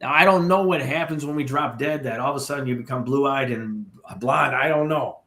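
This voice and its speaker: A man tells a ghost story as a podcast guest, animated and full of asides to the listener. His voice sits in a middle pitch. The recording has a noticeable room echo. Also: brisk. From Chicago area. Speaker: paranormal tour guide, guest.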